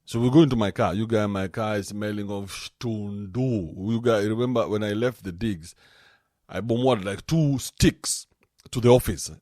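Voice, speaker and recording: Podcast host, man, lowish voice with very lively pitch, loose comic rant. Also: measured pace, no room sound, studio quality. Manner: animated, joking, swings into mocking put-on voices.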